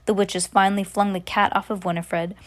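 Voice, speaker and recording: A woman reading a novel aloud, narrating at a steady pace with occasional slips and restarts. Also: medium pitch, brisk. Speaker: reader.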